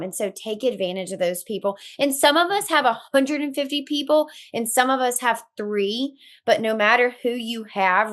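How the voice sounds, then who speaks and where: A woman doula speaking as a podcast guest, giving earnest, encouraging advice and getting emotional at times. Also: medium pitch. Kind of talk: heartfelt interview talk.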